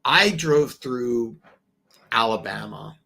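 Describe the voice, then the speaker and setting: A man's voice: medium pitch, lively intonation, slow, gravelly, pushed and bright, breathy edge. A man from the American South hosting a casual football talk show, rambling and restarting his sentences. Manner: rambling, frequent restarts and repeated words. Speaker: host.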